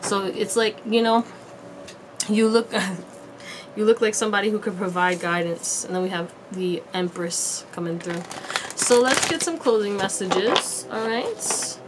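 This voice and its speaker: This tarot reader offers viewers a casual pick-a-card reading, chatty and slangy and laughing often. Her voice sits at medium pitch and moves at a measured pace, with background noise audible.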